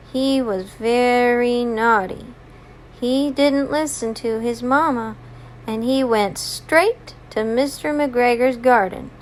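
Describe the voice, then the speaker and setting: A woman reads a children's story aloud in a high, gentle voice. She takes her time, leaning into each moment expressively. It sounds like a mom telling a bedtime tale. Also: slight background noise. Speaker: mother reading a story aloud.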